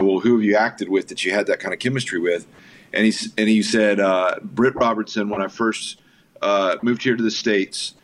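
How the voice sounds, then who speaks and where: Low-pitched male filmmaker guest, easygoing and enthusiastic anecdotes, faint hiss underneath. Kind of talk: casual storytelling interview.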